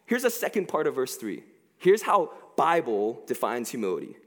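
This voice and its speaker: A man preaching a casual, joking sermon into a headset mic, talking in an animated way with lots of fillers. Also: medium pitch, moderate pace, in a large hall.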